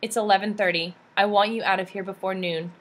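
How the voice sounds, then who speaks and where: A tall police officer speaks in a calm, even tone and takes charge, as a woman narrator reads him. He is steady and a little lower in voice. An audiobook figure. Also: fairly quick, lightly acted.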